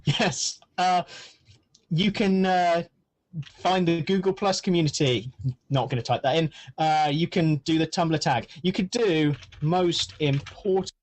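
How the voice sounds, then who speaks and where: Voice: medium pitch, unhurried. A podcast co-host in casual chat, wry and teasing, laughing often.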